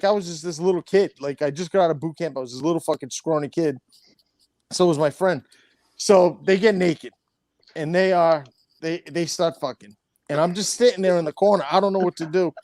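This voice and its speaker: A man's voice: fairly high pitch, a little mellow, no room sound, clean studio sound. A middle-aged man telling a long, profane story in casual chat, rambling with many restarts. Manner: rambling, swears often, restarts. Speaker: storyteller guest.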